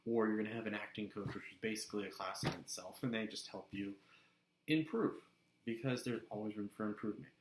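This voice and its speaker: A man casually sharing voice acting tips in a relaxed, chatty way. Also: lowish voice, a little fast, reverberant, a little hiss or hum, poor audio. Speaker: voice actor giving tips. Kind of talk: casual instructional vlog.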